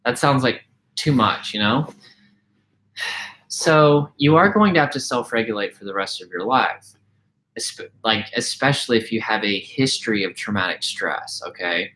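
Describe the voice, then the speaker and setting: A man teaching course members about calming anxiety in a loose, unscripted talk. He speaks earnestly, repeats and restarts words, and keeps checking in with "okay?". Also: fairly low pitch, normal speed, poor audio. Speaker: anxiety recovery coach. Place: home, mowing heard outside.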